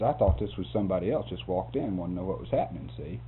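A man's voice: on the low side, lively intonation, racing, hardly any pauses, husky. Chuckling man spinning a yarn, lo-fi. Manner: chuckles often, rambling, restarts words. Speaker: interviewee telling a work story. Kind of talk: casual storytelling. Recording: phone-like lo-fi tape with faint hum.

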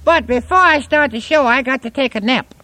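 A man's voice: very high-pitched, brisk, bright, forceful tone, voice pushed up. A man voicing Mister Punch, a cocky, sassy male puppet who teases the audience in a live puppet show. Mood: cocky, teasing. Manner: boastful, teasing, playful drawl.

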